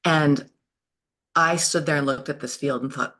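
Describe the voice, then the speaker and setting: A woman, telling homestead stories in a lively, animated way as an interview guest. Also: deep voice, normal speed. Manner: lively, animated storyteller with frequent laughs. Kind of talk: storytelling in an interview.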